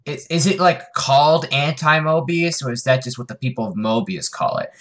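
A man's voice: medium pitch, moderate pace, a bit bright. A man co-hosting a podcast, chatting casually and cracking jokes with some swearing. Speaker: podcast co-host. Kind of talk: casual chat.

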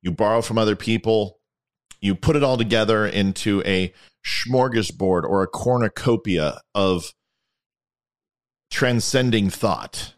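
Guy hosting his own show, lowish voice, rambling and sarcastic. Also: a little slow. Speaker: podcast host. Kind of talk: casual monologue.

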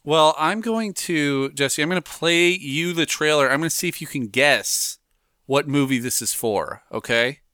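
A podcast co-host trades casual banter in a fairly high, bright, pushed voice that stays smooth. He speaks at a measured pace, playful and self-mocking, and laughs often as he chats.

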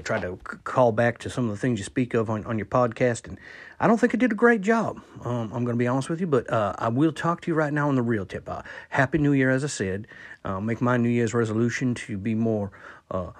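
A man rambling through a comic voice message to a podcast host, stammering, repeating himself and contradicting his own jokes. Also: mid-range voice. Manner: absurd self-contradicting asides. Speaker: listener sending a voice message to a podcast. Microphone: phone voice recorder.

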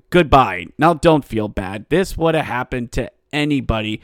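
A man's voice: mid-range voice, lively intonation, moderate pace, hardly any pauses, no echo, studio quality. A man hosting a solo sports podcast, mocking and ranting, rising into exasperated outbursts. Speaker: podcast host. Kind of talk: sarcastic solo sports commentary.

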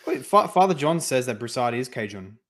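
A man's voice: medium pitch, sing-song, brisk, fairly bright tone. A man chatting casually as a guest, teasing and playful. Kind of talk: casual chat.

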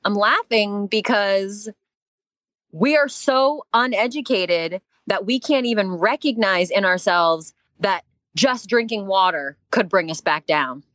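A woman's voice: mid-range voice, slow pace, a bit bright, dry recording. A woman talking emphatically in a casual podcast chat, swearing now and then and laughing as she speaks.

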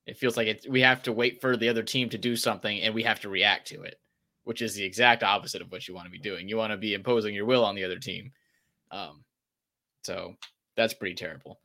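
Bright-voiced man, wry sports talk. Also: fairly low pitch, steady tone, quick pace, gravelly. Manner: wry, analytical, reading viewer comments. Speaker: sports podcast co-host. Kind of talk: casual chat.

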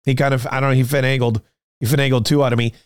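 A man's voice: mid-range voice, little pitch movement, very fast, clean tone, no room sound. Rambling male podcast host, dry sound. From United States. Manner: rambling, conversational, frequent restarts. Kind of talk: casual political talk with merch plug.

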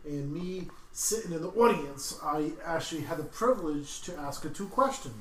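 A man who is a podcast guest, chatting casually, asking questions and recalling an old memory in a relaxed way. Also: on the high side, normal speed. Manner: relaxed, reminiscing, asks questions. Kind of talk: casual chat. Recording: roomy, distant mic, faint background noise.

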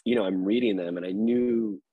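Husky-voiced man telling a rambling story. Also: on the low side, moderate pace, dark tone, no room sound, low-quality recording. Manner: loose, rambling storytelling with laughs and fillers. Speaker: actor, podcast guest. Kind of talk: casual interview chat.

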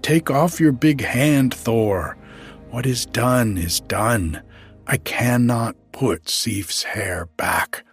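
A man's voice: mid-range voice, drawn-out words, breathy edge, faint music behind, full character voice. A man voicing a sly male trickster god in a storybook reading, whining and pleading. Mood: whining pained. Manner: whining, howling.

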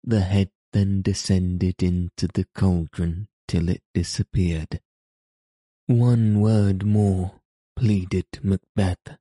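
A man reading a classic tale aloud as narrator, in a slow, measured way. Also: sits low, little pitch movement, warm tone, no room sound. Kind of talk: storybook reading.

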